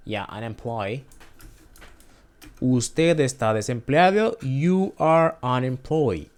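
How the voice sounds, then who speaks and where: Guy teaching spanish basics, slow and lively pitch, keeps repeating and fixing himself. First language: not Spanish. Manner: hesitant, repeats phrases, self-correcting. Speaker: language video host. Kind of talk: casual screen-share lesson.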